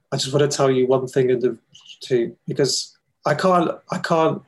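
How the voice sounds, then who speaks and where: A man telling a personal story in an interview, earnest and halting, with emotional pauses. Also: mid-range voice, vocal fry, breathy edge, low-quality recording. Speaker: guest, foundation founder.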